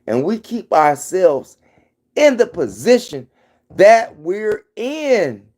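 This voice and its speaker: A middle-aged man delivers a slow, preachy rant straight into his phone. His somewhat high voice swoops up and down as he repeats his lines for emphasis. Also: very animated, a little mellow. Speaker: vlogger. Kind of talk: opinionated commentary vlog.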